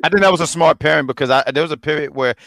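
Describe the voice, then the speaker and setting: A man co-hosting a podcast in casual chat, animated and prone to laughing and tripping over his words. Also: a little high, racing, no room sound. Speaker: podcast co-host.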